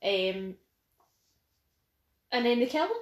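A woman's voice: fairly high pitch, expressive, slow. A Scottish woman chatting casually on a podcast, retelling a film plot with lots of fillers and hedges. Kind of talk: casual chat. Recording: echoey room.

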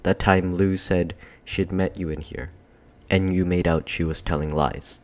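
A man voicing an earnest, decent eldest boy who leads his siblings, in brisk, well-spoken schoolboy talk. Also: low voice, fairly even intonation, a little mellow.

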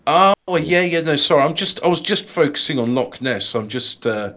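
Man, animated pitch, rambling hesitant musing chat. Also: normal speed. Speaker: podcast co-host. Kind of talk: casual chat.

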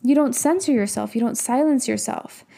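Warm-voiced woman giving a pep talk. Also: on the high side, normal speed, creaky. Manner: emphatic and casual, swears, rhetorical questions. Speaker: business and mindset coach. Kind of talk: motivational talk.

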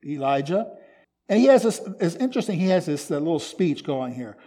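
A man preaching a sermon, reading scripture aloud and commenting on it, swinging from loud emphatic stresses to soft whispers. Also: high voice, big pitch swings, measured pace. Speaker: pastor.

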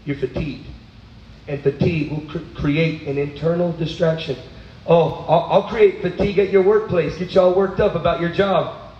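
A man preaching a sermon, animated, swinging from low asides to high, exclaiming bursts. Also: normal speed, roomy sound, dull audio, slight background noise.

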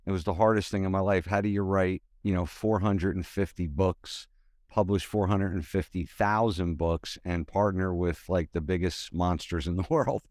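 A man hosts a podcast interview with a very deep, low voice. He sounds eager and encouraging in casual chat. The sound is dry and close. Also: fairly even intonation, moderate pace, darkish tone, dry recording. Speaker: podcast host.

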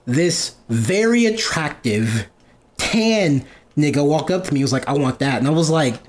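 A young man chatting casually on a podcast, telling stories and laughing often. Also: unhurried. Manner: animated, laughs often, voices quoted people with big pitch jumps. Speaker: podcast co-host. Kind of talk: casual storytelling chat. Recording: faint background noise.

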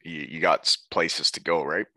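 A man's voice: a bass voice, fairly even intonation, normal speed, bright, forceful tone, no echo. A middle-aged man hosting a casual chat, joking and talkative, close to a mic. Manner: joking, chatty. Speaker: podcast host. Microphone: studio mic.

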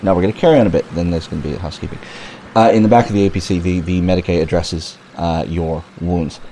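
A man running a tabletop game as game master, narrating in halting bursts with repeated words. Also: sits low, steady tone, mellow, slight background noise.

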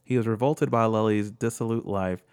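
Very deep-voiced joking man. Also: fairly even intonation, moderate pace, darkish tone, clean tone. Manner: jokey, offhand, swears casually. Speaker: podcast co-host. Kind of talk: casual chat, reading facts aloud.

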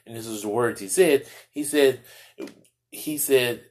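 Man delivering a fervent opinion monologue, asks and answers his own questions, average pitch. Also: measured pace, low-quality recording. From United States. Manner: impassioned, rhetorical questions, repeats words when stressing.

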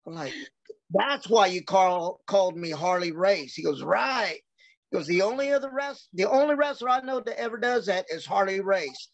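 A man's voice: high-pitched, expressive, moderate pace, creaky, dry recording, lo-fi sound. A man, a professional wrestler, telling casual stories on a podcast, acting out quoted dialogue and swearing freely.

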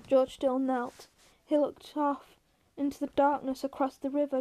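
A woman reading a novel aloud as narrator, in a plain, even reading manner. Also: high voice, a little slow. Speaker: reader. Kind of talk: audiobook narration.

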